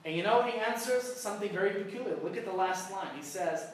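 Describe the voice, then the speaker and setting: Echoey rabbi teaching a class. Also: male voice, high voice, quick pace, slight background noise. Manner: asks the class rhetorical questions, tells jokes. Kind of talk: conversational Torah class. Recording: very echoey room, mic far off.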